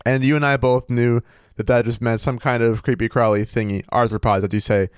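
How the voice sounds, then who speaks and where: A man's voice: medium pitch, steady tone, a little fast, clear, resonant tone, dry recording, studio quality. A man co-hosting a podcast, chatting casually and hesitantly, with many fillers. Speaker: podcast co-host. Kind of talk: casual chat.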